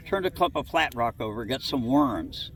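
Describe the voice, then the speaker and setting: A middle-aged man from southwest Ohio recounts childhood encounters in an interview, speaking in a folksy, rambling way and acting out bits of dialogue. His mid-range voice is expressive and fairly bright, at a normal speed. The mic is distant, with faint background noise.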